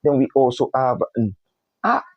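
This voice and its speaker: A man teaches phonics at a slow, deliberate pace, sounding out each letter before saying the whole word and then repeating it. His voice sits at an ordinary pitch and is recorded dry, with no room echo. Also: muffled recording. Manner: slow, spells out letters one by one, repeats words. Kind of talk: spoken phonics lesson.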